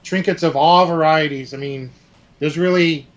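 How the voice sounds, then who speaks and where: A man's voice: a little high, steady tone, moderate pace, highs cut off. A man co-hosting a live stream podcast, laid-back, plugging a sponsor loosely. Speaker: podcast co-host. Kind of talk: casual chat.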